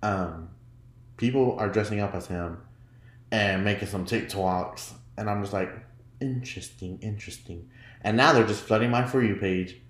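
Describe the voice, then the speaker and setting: In an echoey room, a male podcast host talks solo at a moderate pace in a relaxed, chatty, giggly way. Whenever he quotes himself, he tends to slip into a high, mocking voice.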